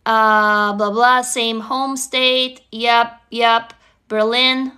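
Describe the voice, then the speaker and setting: A middle-aged woman with a Russian accent talks candidly on a phone livestream, drifting between stories and reading viewers' comments aloud. Her voice is bright and clear, pitched a little high. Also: little pitch movement, drawn-out words. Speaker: livestream host. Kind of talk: casual livestream chat.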